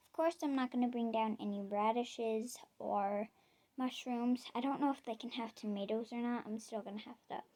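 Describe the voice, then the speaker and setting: A woman's voice: fairly high pitch, steady tone, moderate pace, dark tone. A young woman chatting casually at home in a rambling pet vlog, with plenty of fillers. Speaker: pet vlogger. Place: home, indoors.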